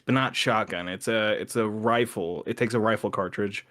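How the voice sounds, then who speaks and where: A man's voice: fairly low pitch, normal speed, fairly bright tone. A man co-hosting a casual movie review podcast, opinionated and swearing casually. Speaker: podcast co-host.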